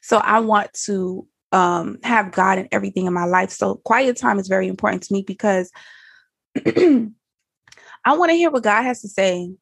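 A woman's voice: mid-range voice, moderate pace, gravelly, fairly bright tone, breathy edge, no room sound, studio quality. A woman guest on a faith podcast, talking earnestly in a casual, slangy way. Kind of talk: casual chat.

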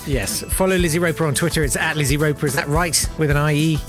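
A man's voice: fairly high pitch, fairly even intonation, fast, over music. A man co-hosting a comedy podcast, giggly and irreverent. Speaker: podcast co-host.

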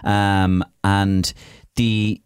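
A man chatting as a guest, an animated storyteller who acts out scenes with sound effects. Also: deep voice, extremely slow, clean tone, no echo, clean studio sound. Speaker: guest, comedian and impressionist. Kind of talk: casual chat.

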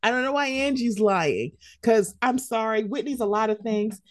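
A woman's voice: a little high, lively intonation, normal speed. A woman co-hosting a casual gossip chat, blunt and profane, often slipping into mocking impressions of others. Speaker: podcast co-host.

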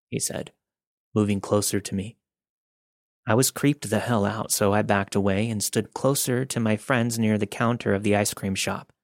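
A man reading listener-submitted stories aloud as a podcast host, in a calm, steady first-person storytelling delivery. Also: lowish voice, no echo, clean studio sound. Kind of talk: scripted first-person narration.

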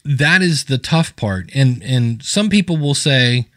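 A man's voice: mid-range voice, expressive, unhurried, fairly bright tone, no echo, clean studio sound. A man, a guest on a podcast interview, chatting casually and telling anecdotes in which he acts out what other people said. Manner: storytelling, acting out quoted people in anecdotes.

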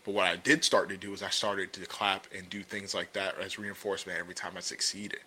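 A man's voice with a low pitch and a bright, forceful tone. He talks casually on a podcast and tells a story with plenty of fillers. He grows more animated as he drives a point home. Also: brisk, husky. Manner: conversational storytelling, many fillers, rising energy when making a point. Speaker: podcast co-host and business coach.

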